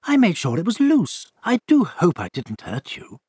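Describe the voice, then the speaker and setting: Man putting on a tiny storybook creature, small clear voice, polite and solicitous, raised pitch. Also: wildly swooping pitch, moderate pace, darkish tone, no room sound, clean studio sound, heavily acted. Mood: apologetic.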